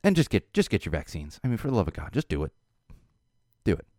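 A man hosting his own show, talking in an animated, emphatic monologue. When he gets upset he repeats words. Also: low-pitched, quick pace, dry recording, clean studio sound. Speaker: show host. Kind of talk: casual monologue.

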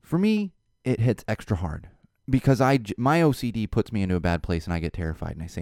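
A man hosting his own show, talking in an animated, emphatic monologue. When he gets upset he repeats words. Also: lowish voice, fast, no room sound, studio quality. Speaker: show host. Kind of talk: casual monologue.

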